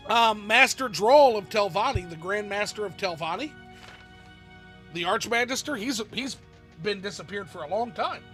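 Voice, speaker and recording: A man's voice: high-pitched, animated, moderate pace, fairly bright tone, faint music behind. A man hosting a casual gaming chat, reading in-game news aloud in an enthusiastic, chatty way. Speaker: host.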